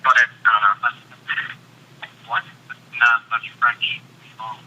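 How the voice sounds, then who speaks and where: A teenage guy from a band chats over a phone line, trading jokes with his bandmates and laughing often. His voice is very bright and cutting, with a thin phone sound. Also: medium pitch, little pitch movement, slow pace, a little hiss or hum. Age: teens. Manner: joking, laughing, playful. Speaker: band member. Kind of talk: casual phone interview.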